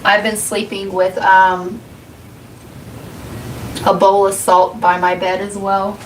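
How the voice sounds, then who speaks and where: A woman's voice: medium pitch, level tone, slow, a little hiss or hum. A woman, chatting casually on a livestream as a psychic reader, laughing often and cursing freely. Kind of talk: casual live chat reading comments.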